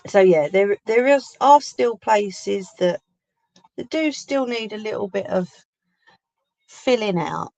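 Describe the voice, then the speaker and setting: In a mid-range, creaky, slightly mellow voice, a woman takes her time but stays animated while crafting on a casual livestream from her home craft room. She chats and responds to viewer comments, recorded on a phone or webcam.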